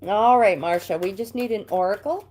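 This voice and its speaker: A woman's voice: medium pitch, normal speed, a little mellow. An older woman hosting a casual livestream, chatting with viewers and reading tarot card meanings aloud.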